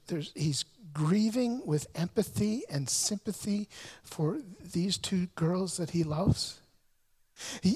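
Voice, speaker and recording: A man's voice: sits high, husky. A male pastor preaching a sermon, telling a story earnestly and often stumbling over repeated words.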